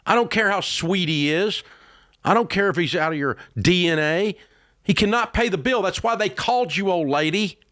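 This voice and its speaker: A man hosting a call-in advice show, yelling at callers in a blunt, exasperated rant from a radio studio. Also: high voice, normal speed, no room sound. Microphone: studio microphone.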